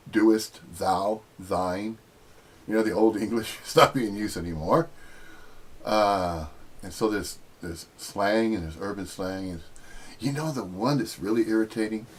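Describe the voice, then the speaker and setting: A middle-aged American man giving a rambling, teasing spiritual talk, jumping up into sudden high-pitched emphasis. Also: measured pace, husky. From United States. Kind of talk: casual spiritual monologue.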